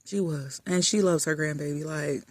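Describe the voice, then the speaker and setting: Woman vlogger, low voice, dry close sound, casual affectionate chat, soft murmurs. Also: moderate pace, no echo. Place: lying in bed in a dark room.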